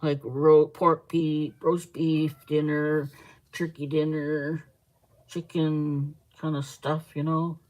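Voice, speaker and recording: A woman's voice: sits low, flat delivery, slow pace, a little mellow, low-quality recording. Woman, live-stream host, rambling casual chat, answers viewer comments. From Canada.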